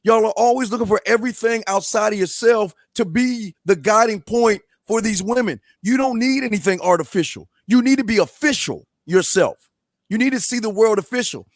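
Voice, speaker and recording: A man's voice: high-pitched, moderate pace, dry recording, clean studio sound. A man speaking as a guest on a livestream, blunt and lecturing, often repeating his phrases. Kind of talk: casual livestream talk.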